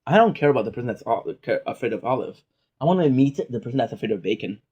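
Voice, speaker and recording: A man's voice: medium pitch, sing-song, fast, darkish tone, slightly rough, lo-fi sound. Man rambling jokes while eating. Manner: jokey, rambling, acts out imagined voices. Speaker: vlogger. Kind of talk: casual comedic rant while eating.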